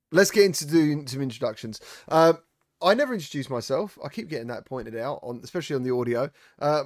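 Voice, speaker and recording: A man's voice: medium pitch, no echo, clean studio sound. A British man hosting a podcast, chatting casually with a laughing, teasing manner over a video call. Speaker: podcast host. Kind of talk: casual chat.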